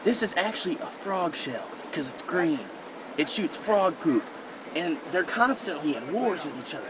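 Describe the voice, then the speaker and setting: A man's voice: fairly high pitch, sing-song, normal speed. A young man playing a goofy nature guide outdoors, rambling in a fake-expert way with many fillers. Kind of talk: goofy deadpan nature-show parody. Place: outdoors in woods and rocky creek bed. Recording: outdoor camera audio with noise.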